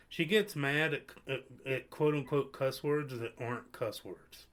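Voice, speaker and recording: A man hosting a podcast in casual chat, telling stories in a rambling, animated way with many restarts. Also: mid-range voice, measured pace. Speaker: podcast host.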